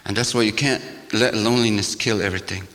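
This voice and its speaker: An older man, a shaman, giving a sermon-like talk to a gathering in a church, with a rhythmic, repetitive cadence that swings from loud to hushed and wry, laughing asides. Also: on the low side, fairly even intonation, fast. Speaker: shaman speaker. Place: church hall. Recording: long hall reverb.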